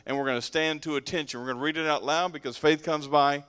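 Lively pastor preaching to his church. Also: on the high side, fast, clear, resonant tone, dry recording. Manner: animated preaching, calls on the congregation to respond; joking, conversational asides. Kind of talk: sermon. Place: church sanctuary with congregation.

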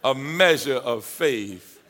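A man's voice: medium pitch, lively intonation, takes it slowly, fairly bright tone. A male pastor preaching a sermon, leading call-and-response and joking with the congregation.

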